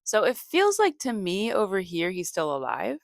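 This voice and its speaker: A woman comedian hosting a podcast, telling stories in a deadpan, low-energy way, rambling with fillers and self-corrections. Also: normal speed, vocal fry, dry recording, clean studio sound. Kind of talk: casual storytelling monologue.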